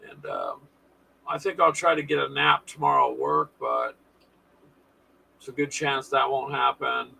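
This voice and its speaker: A man's voice: medium pitch, wildly swooping pitch, a little slow, vocal fry, pushed and bright, slight background noise, low-quality recording. A man hosting a casual live stream, chatting with viewers in a folksy, sarcastic way.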